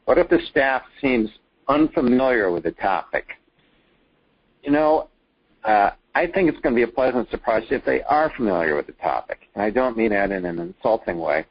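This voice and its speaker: A man gives a plainspoken presentation with folksy asides, his voice low and husky. The recording is dull and lo-fi, and the sound is dry and close. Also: dry recording. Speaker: advocacy trainer.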